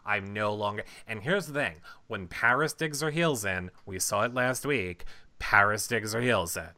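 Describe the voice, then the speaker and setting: A man hosting a casual chat, retelling events in an animated way with lots of fillers. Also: fairly low pitch, moderate pace. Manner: animated storytelling with many fillers. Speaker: reality show recap host.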